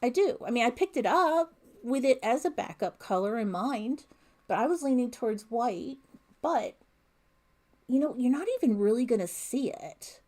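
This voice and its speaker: A woman's voice: on the high side, expressive, moderate pace, dark tone. A middle-aged woman hosting a crochet livestream from home, chatting casually and reading viewer comments aloud on a desk mic. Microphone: desk mic picking up room sounds.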